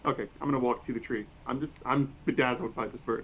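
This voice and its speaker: A man's voice: medium pitch, steady tone, fast talker, fairly bright tone. A man playing a tabletop game, eager and thinking aloud with lots of fillers. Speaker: player. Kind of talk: casual tabletop game chat. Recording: dull lo-fi mic, faint hiss.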